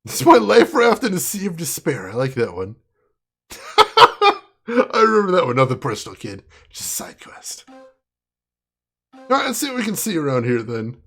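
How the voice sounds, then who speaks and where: A man's voice: fairly high pitch, wildly swooping pitch, moderate pace, creaky, a bit bright, soft background music. Amused man commenting on a game. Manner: chatty, amused. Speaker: game streamer. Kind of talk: let's play commentary.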